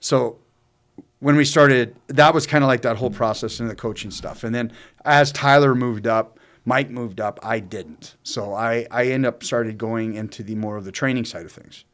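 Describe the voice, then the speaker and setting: A man's voice: mid-range voice, moderate pace, fairly bright tone. A man telling a long personal story in casual chat, rambling and profane, with many fillers and restarts. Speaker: co-host telling his own story.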